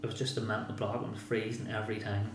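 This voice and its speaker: A man's voice: fairly low pitch, little pitch movement, quick pace. A man with a Northern Irish accent, a former boxer speaking frankly and a bit rambling in a casual interview, repeating himself and swearing now and then. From Northern Ireland. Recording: echoey room with noise.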